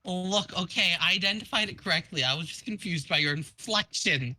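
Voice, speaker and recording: A man's voice: high voice, a little fast, pushed and bright, a little hiss or hum. A man chatting casually with friends on a live stream, joking, rambling and laughing often. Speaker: friend reading along.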